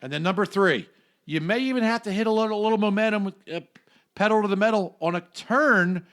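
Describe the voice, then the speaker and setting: A man's voice: high voice, a little fast, a bit bright. A man co-hosting a podcast in casual chat, talking in a brash, emphatic, jokey way. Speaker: podcast co-host.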